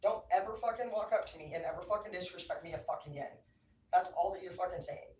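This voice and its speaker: A man's voice: high-pitched, fast, darkish tone, a little hiss or hum. A man doing a livestream tarot reading in a heated, profanity-laced rant, picked up by a distant mic. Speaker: tarot reader. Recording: roomy, distant mic, faint ambience.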